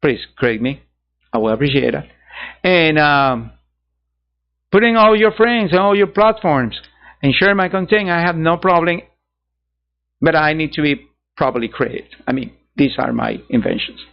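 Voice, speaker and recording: A man's voice: fairly high pitch, expressive, normal speed, creaky, long pauses. A man hosting a digital art channel, chatting casually to viewers in a rambling way, correcting himself and chuckling at his own asides. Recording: dull lo-fi sound.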